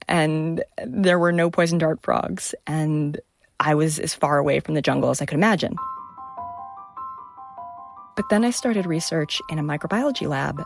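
A woman's voice: low voice, creaky, dry recording. A woman microbiologist telling vivid, enthusiastic stories about her research. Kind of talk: storytelling talk, stage and interview.

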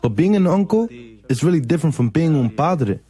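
A young man narrating his own story in a quiet, plain, reflective way. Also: a little high, big pitch swings, fairly quick. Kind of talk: scripted documentary narration.

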